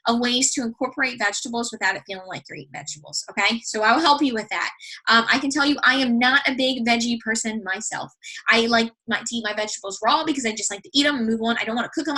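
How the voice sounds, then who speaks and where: A woman's voice: fairly high pitch, bright, forceful tone, poor audio. A woman fitness coach talking casually through a food list, chatty and upbeat, with lots of fillers and restarts. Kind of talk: casual instructional talk.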